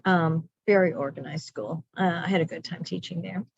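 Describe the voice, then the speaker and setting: A woman's voice: on the low side, steady tone, normal speed, vocal fry, breathy edge, dry recording, lo-fi sound. A middle-aged woman leading a recorded teacher training session, chatty and self-interrupting, laughing at herself.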